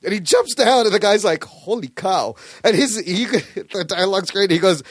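A man hosting a casual podcast, animatedly retelling a comic story with profanity and quick acted-out quotes. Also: sits high, animated, no echo, clean studio sound. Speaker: podcast host. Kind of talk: casual comic book chat.

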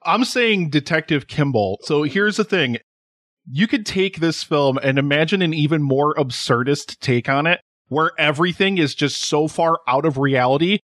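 A man's voice: a little high, fairly bright tone, no echo, clean studio sound. A man guesting on a film podcast, enthusiastic and analytical in casual chat. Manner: enthusiastic, analytical, quick bursts.

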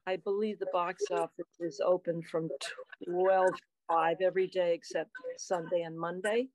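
A woman's voice: fairly low pitch, fairly even intonation, moderate pace, darkish tone, slight background noise, poor audio. A woman from a theater production speaking in an interview, earnest and reflective about the show. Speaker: theater artist. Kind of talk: casual interview chat.

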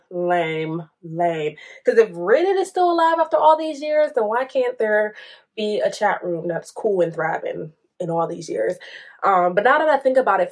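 A woman's voice: a little high, a little mellow. A young woman hosting a podcast, telling a story in a casual, chatty way, swearing freely and acting out what others said. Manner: chatty, profane, acts out quotes with laughs. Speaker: podcast host.

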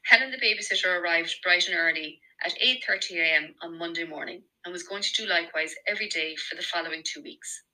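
A woman with an Irish accent narrating a romance novel in an even storytelling delivery. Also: fairly low pitch, fast talker, hardly any pauses, poor audio. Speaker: audiobook narrator. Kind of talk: scripted narration.

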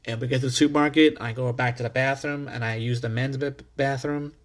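A man hosting a podcast, telling a story in a casual, animated way, heavy on slang and repeated phrases for emphasis. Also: mid-range voice, brisk. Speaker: podcast host.

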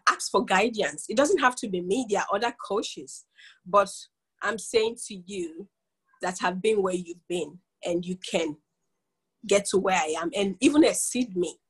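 Husky-voiced woman, earnest motivational coach. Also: medium pitch. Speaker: coach, interview guest. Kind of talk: casual interview chat.

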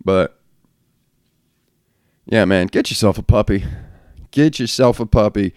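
A man's voice: lowish voice, a little slow, pauses often, a little mellow, dry recording, clean studio sound. A middle-aged man hosting a solo podcast from a room at home, talking bluntly and ranting with plenty of swearing. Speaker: podcast host. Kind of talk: casual solo podcast rant.

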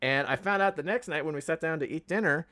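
A man's voice: a little high, fast, pushed and bright, no room sound, studio quality. A man co-hosting a podcast, chatting casually and telling a long story with lots of ums and uhs. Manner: rambling storytelling with many fillers. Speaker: podcast co-host. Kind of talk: casual chat.

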